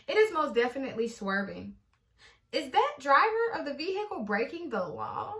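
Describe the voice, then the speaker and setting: A woman voicing a pompous, loud male police officer who talks formally. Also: high voice, big pitch swings, normal speed, pitched above the performer's own voice, full character voice. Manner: pompous, asks and answers himself. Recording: echoey room.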